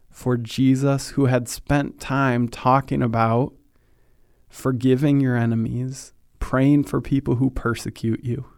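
A man hosting a faith podcast, talking in an earnest, thoughtful way and slowing down on the solemn points. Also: mid-range voice, gravelly, a little mellow, smooth, dry recording, studio quality. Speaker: podcast host. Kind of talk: reflective faith podcast talk.

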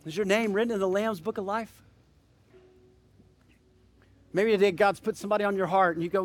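A high-voiced man preaches to his congregation. He tells a story with animated, climbing energy and then eases into a soft, earnest prayer. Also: fast talker, long pauses. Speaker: pastor. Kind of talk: sermon with storytelling and altar call.

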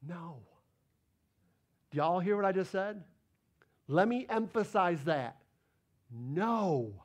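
A man preaching a sermon, animated and emphatic, repeating words for stress. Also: sits high, takes it slowly. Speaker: pastor.

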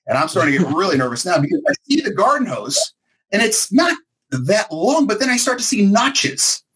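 A middle-aged man with a husky, slightly breathy voice that sits a little higher than most men's. He tells his story in an animated, self-mocking way and acts out the quotes as he goes. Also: a little fast. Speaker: podcast co-host. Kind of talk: casual storytelling chat.

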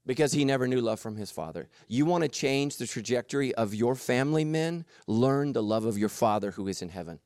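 A man preaching a sermon, animated and jokey, acting out the story's voices. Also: medium pitch, a little fast, hardly any pauses, dry recording, studio quality. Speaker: pastor.

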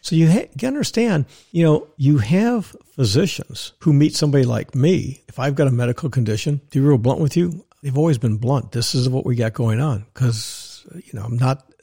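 A husky older man hosts his own show and rants in a blunt, animated way. His voice sits at a middle pitch and has a rough, breathy edge. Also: moderate pace. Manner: blunt, ranting, animated, mocks others in put-on high voices. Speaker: podcast host. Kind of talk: opinionated solo talk.

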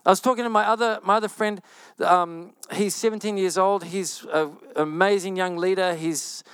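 A man preaching a sermon as a pastor, telling a story in an animated way, often repeating phrases and rushing through quoted speech. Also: high voice, clean tone, dry recording.

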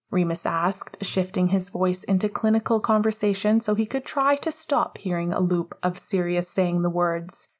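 A woman narrating intimate fiction in a soft, close voice. Her tone is low and breathy, and the reading often sinks to a whisper. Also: normal speed. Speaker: audiobook reader.

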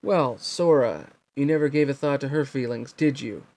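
A man's voice: medium pitch, moderate pace, a little mellow, natural voice. A man voicing a resentful teenage boy swordsman who taunts coldly, in a storybook reading. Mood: bitter, taunting. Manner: cold, taunting.

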